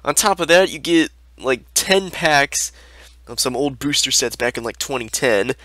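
A man's voice: medium pitch, lively intonation, normal speed, bright, forceful tone, dry recording. A young man giving sarcastic, exasperated commentary as a video host, ranting over screen listings. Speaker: YouTube host reviewing card listings.

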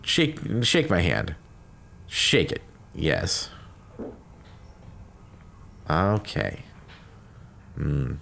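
A man doing let's play commentary, joking crudely and breaking into loud excitable outbursts. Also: extremely low pitch, drawn-out words, vocal fry, long pauses, a little hiss or hum. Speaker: gaming commentator.

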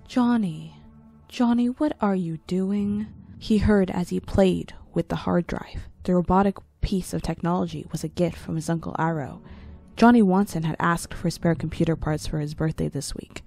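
A woman narrating a creepy audiobook story in a low, gravelly storytelling voice. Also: fairly even intonation, normal speed, mellow, faint music behind. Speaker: story reader.

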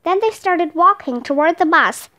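High-voiced woman reading a kids' book. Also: lively intonation, normal speed, bright, forceful tone. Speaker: reader. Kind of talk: reading a children's book aloud.

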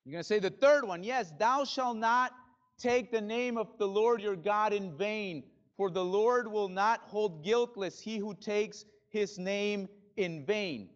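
A male pastor preaching a sermon in a church, dramatic, swinging from loud bursts to hushed drops. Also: high-pitched, unhurried, highs cut off. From Spanish-speaking background. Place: church sanctuary.

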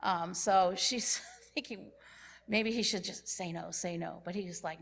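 A woman giving a sermon in a church, telling a story in a lively way and acting out what the people in it say. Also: fairly low pitch, unhurried, creaky, a little hiss or hum. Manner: lively storyteller who acts out characters' lines. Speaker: church speaker. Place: church sanctuary.

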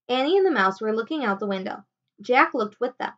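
Animated teacher reading a storybook aloud. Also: female voice, on the high side, brisk, dull audio. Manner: expressive, animated. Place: home.

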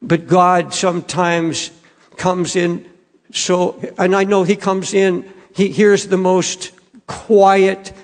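An older male pastor preaching a sermon in an earnest, pleading way, with quiet, halting passages. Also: high-pitched, little pitch movement, big-room sound.

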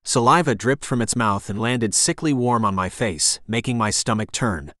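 A man reading a first-person fantasy audiobook in a steady, gritty storytelling manner. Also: mid-range voice, normal speed, no echo, studio quality. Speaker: audiobook narrator.

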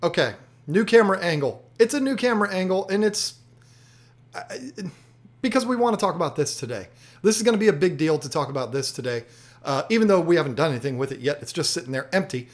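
A man hosts a live aquarium stream, talking in a loose, rambling way and cracking jokes as he answers his viewers. His voice sits a touch on the high side for a man. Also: animated, fast talker. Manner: rambling, joking, chatty, reads comments aloud. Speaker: aquarium channel host doing a live stream. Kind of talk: casual live-stream chat reading viewer comments.

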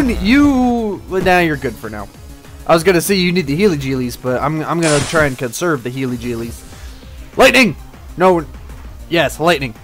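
A man casually commenting on his gameplay, rambling and excitable, swearing at enemies. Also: fairly high pitch. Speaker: gaming channel host. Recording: faint game music behind. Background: game music.

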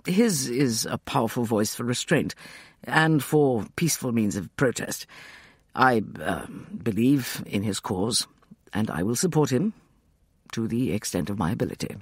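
Audiobook: male reader as a soft, hesitant older man. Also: medium pitch, expressive, measured pace, breathy edge, no room sound, clean studio sound. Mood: gentle. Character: gentle hesitant older scholar.

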